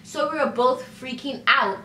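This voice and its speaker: A young woman tells a casual story to her camera, chatty and loose, dropping "like" every few words and acting out the other people's lines. Her voice is bright and a touch high. She sits a little away from the mic in an echoey room. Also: normal speed, far from the mic, a little hiss or hum. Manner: chatty, fillers of "like" and "you know", acts out quoted dialogue. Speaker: vlogger.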